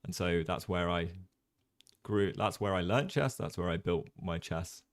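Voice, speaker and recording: A man from Jersey, a chess streamer doing relaxed livestream commentary, chatty with many ums, reading chat aloud. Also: deep voice, a little slow, no room sound, clean studio sound.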